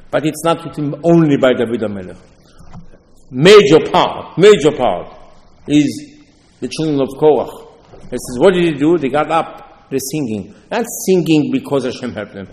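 A man's voice: a little high, darkish tone, long reverb tail. A man giving an informal Torah sermon, repeating his points and quoting Hebrew terms. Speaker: rabbi.

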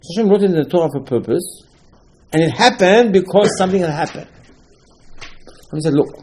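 A man with giving an informal Torah lecture, rising to emphatic questions and dropping low again. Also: lively intonation, brisk, a little mellow, a little hiss or hum, poor audio. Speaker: rabbi giving a talk.

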